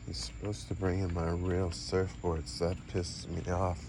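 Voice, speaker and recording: A man's voice: sits low, little pitch movement, measured pace, background noise. A man rambling through a casual, half-improvised monologue, drifting from one fanciful idea to the next and swearing mildly now and then. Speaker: vlogger.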